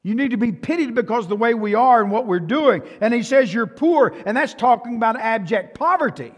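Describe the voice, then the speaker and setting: An older man with a Texan accent preaching a sermon as pastor, swinging from hushed to loud and often repeating himself. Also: very high-pitched, animated, a little fast. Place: church sanctuary. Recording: long church hall reverb.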